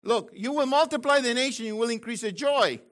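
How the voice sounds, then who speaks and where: An older man teaching from the Bible in an excited, exclamatory way, with bursts of shouting. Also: very high-pitched, fairly quick. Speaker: preacher.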